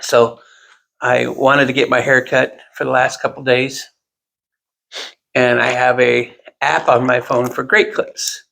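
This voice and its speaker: A man's voice: mid-range voice, level tone, measured pace, creaky, bright, forceful tone. A man telling a long, rambling personal anecdote in casual chat, with self-deprecating asides.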